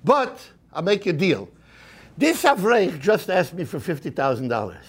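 A man voicing a calm elderly rabbi. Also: high voice, normal speed, husky, heavily acted. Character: elderly revered male rabbi, calm and firm.

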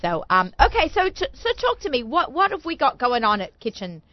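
A woman's voice: high-pitched, sing-song, a little fast, no room sound, muffled recording. A woman hosting a studio talk show, chatty and bubbly, often talking over her guests. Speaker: host.

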